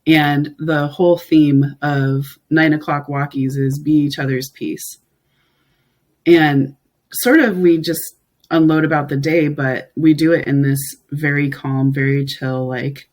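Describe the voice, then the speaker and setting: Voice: medium pitch, rough recording. A podcast guest talking in a candid, reflective way, leaning on "like" and "you know" as they think aloud. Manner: reflective, candid, filler-heavy with frequent "like". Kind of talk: casual conversational chat.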